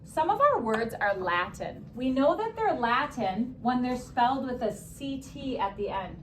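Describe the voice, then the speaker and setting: A woman leads a spelling lesson for young children in a classroom, her voice sitting a little high. She keeps an upbeat, sing-song teaching rhythm and stretches words out syllable by syllable. A light background hiss runs under the recording. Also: very animated, a little slow, fairly bright tone. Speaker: elementary school teacher.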